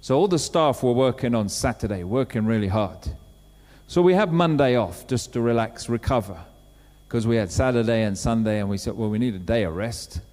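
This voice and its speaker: A man preaching a sermon, telling a story with lively acted-out quotes. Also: medium pitch, brisk. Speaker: pastor. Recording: long hall reverb.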